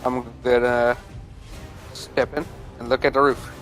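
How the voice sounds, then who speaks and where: Slow-talking man playing a tabletop game. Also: medium pitch, little pitch movement, fairly bright tone, faint music behind. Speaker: player.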